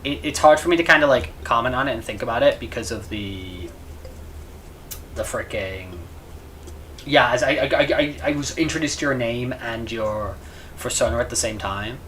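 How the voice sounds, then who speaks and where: A man talks loosely to his live-stream viewers, trailing off and stumbling over repeated words as he thinks aloud. His voice sits at an everyday middle pitch. A faint hiss of noise runs behind him. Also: normal speed, fairly bright tone. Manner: rambling, stammering, repeats words; chats with viewers between game moments. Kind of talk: casual live-stream chat.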